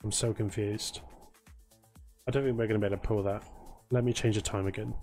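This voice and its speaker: A man's voice: on the low side, steady tone, fairly quick, mellow, faint music behind. A man live-streaming a game, chatting casually and teasing and thanking viewers by name. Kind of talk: casual live-stream chat while gaming.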